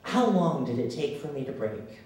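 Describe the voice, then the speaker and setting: Male spoken word poet, slightly high voice, deliberate and dramatic; distant, roomy live hall sound. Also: big pitch swings, a little mellow. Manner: dramatic, rhythmic, with long pauses. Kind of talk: spoken word poetry performance. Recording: echoey hall, distant mic.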